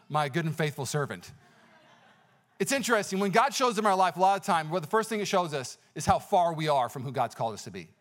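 A male pastor preaching a sermon in a conversational, animated way, with frequent fillers and restarts. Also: a little high.

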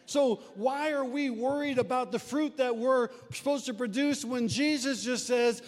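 A man's voice: very high-pitched, unhurried. A man from the US Midwest preaching a sermon in a folksy, conversational way. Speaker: pastor. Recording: long hall reverb.

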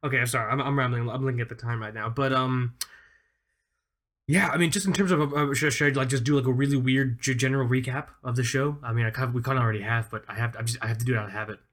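A man's voice: mid-range voice, steady tone, fast, fairly bright tone. A man in his thirties co-hosting a casual podcast, rambling enthusiastically with lots of fillers. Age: 30s. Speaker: podcast co-host.

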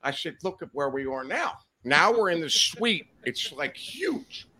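A man's voice: fairly high pitch, very animated, a little slow, sharp tone, slightly rough. A man guest on a casual podcast, telling profane, rowdy anecdotes and acting out the quotes. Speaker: podcast guest, reptile breeder. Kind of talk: casual storytelling chat.

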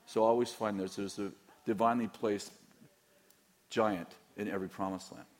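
A man's voice: lowish voice, fairly even intonation, moderate pace, darkish tone. A middle-aged man, a pastor, talking candidly in a Q&A with a rambling, teasing manner and frequent restarts. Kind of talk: candid Q&A talk to a church audience.

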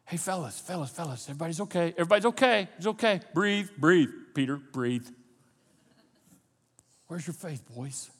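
A man voicing Jesus as a gentle, fatherly figure, soothing and reassuring frightened friends while softly challenging them. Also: a little high, expressive, moderate pace, breathy edge, long reverb tail.

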